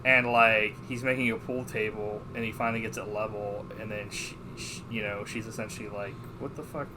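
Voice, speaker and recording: A man co-hosting a podcast who retells a movie's plot in a casual, animated way, full of swearing and fillers. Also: lowish voice, brisk, background noise. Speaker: podcast co-host. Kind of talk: casual movie review chat.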